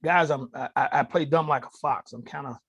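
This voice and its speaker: A man's voice: medium pitch, brisk. A man on a podcast as a guest, telling his own stories casually and animatedly, often speaking straight to the listeners. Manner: animated, addresses listeners directly. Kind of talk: casual storytelling to an audience.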